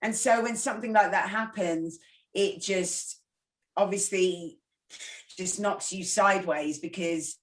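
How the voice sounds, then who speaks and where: A woman's voice: mid-range voice, measured pace, a little hiss or hum. A woman guest speaking candidly and reflectively in a casual podcast conversation. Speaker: guest presenter. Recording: echoey room.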